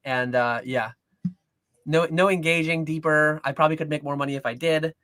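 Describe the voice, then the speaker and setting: Bright-voiced man rambling through a livestream. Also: on the high side, steady tone, moderate pace, no echo. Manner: rambling with frequent restarts and "like"; earnest explaining. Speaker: co-host of a card-collecting livestream. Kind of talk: casual livestream chat.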